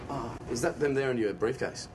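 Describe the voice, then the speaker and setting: A man's voice: medium pitch, a little fast, natural voice. An actor playing a teasing Australian consulate man who mocks a New Zealander, with an Australian accent. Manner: teasing, laughing, cheeky. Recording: noisy TV clip audio.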